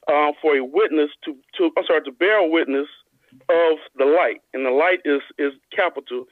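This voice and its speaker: A man on a call-in radio show, explaining and reading scripture slowly with emphasis, stumbling into frequent restarts. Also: on the high side, dry recording. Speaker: guest Bible teacher. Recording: phone line audio.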